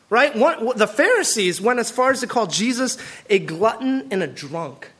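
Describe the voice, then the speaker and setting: A man with a high voice delivers a lively sermon from the pulpit. He keeps firing rhetorical questions at the congregation and swings between playful emphasis and quieter earnest points. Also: a little slow, breathy edge. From Pacific Northwest of the US. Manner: animated, full of rhetorical questions. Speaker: pastor.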